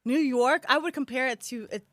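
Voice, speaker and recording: A woman from the United States, a mother, chats as a guest in a relaxed, casual way. Her voice sits fairly high and she tells stories animatedly, full of "like". The sound is dry and close. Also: fairly quick, no echo. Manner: chatty, animated storytelling with frequent "like". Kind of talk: casual chat.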